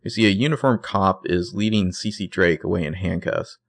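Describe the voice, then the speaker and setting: A man's voice: deep voice, a little fast, dry recording. A man co-hosting a podcast, recapping a TV episode in laid-back, jokey casual chat.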